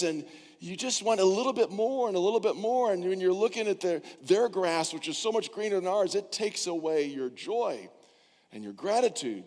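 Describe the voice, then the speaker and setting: A man's voice: high voice, lively intonation, fairly quick, a little mellow. An older man preaching a sermon as pastor, in a conversational way that acts out quoted inner voices. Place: church sanctuary. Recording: church hall with long reverb.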